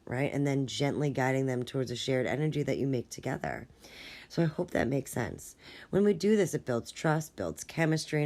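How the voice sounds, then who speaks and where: Low-voiced woman podcast coach, chatty. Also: a little mellow. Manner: chatty, frequent "right?" tag questions, laughs easily. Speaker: sex coach and podcast host. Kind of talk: casual solo podcast advice.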